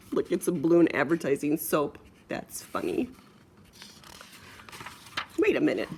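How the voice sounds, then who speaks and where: A woman reading a children's picture book aloud in an animated, sing-song, playful way. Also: low-pitched, unhurried, gravelly, long pauses, slight background noise. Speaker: story reader.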